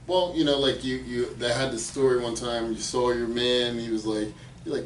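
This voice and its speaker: A man's voice: mid-range voice, fairly even intonation, normal speed. A man on a podcast chiming in with brief casual remarks during a guest's story. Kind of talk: casual chat. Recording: roomy and distant with faint noise.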